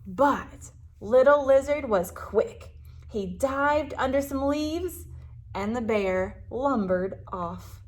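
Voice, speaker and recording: A librarian reading a picture book aloud to children, animated, gasping and asking them questions. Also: female voice, sits high, slow pace.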